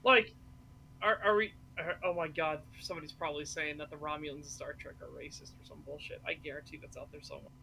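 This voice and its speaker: A man co-hosting a casual stream chat, excitable and swearing freely. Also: on the high side, fast, creaky, husky, poor audio. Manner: excitable, swears freely, laughs while retelling. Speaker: stream co-host.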